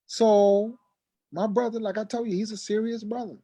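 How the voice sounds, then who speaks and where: A middle-aged man telling a personal story in a lively conversational way, acting out the dialogue and raising his voice sharply in the heated parts. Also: high-pitched, quick pace, breathy edge. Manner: acts out quoted dialogue, voice rising sharply when agitated. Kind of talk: animated storytelling.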